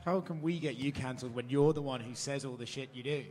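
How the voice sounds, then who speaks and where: A male reporter asking a fighter quick, probing questions at a press conference. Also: medium pitch, darkish tone.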